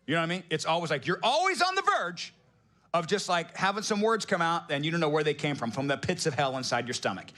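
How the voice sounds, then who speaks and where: A man's voice: fairly high pitch, fast talker, few pauses, fairly bright tone. A middle-aged man preaching a sermon in a conversational, joking way, often asking the congregation rhetorical questions. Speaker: pastor.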